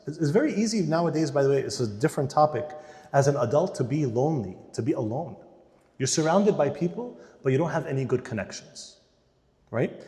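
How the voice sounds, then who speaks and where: A man giving an animated church lecture to married couples, swinging between loud emphasis and hushed asides. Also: on the high side, brisk. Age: adult parent. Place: church hall. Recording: long reverb in a large hall.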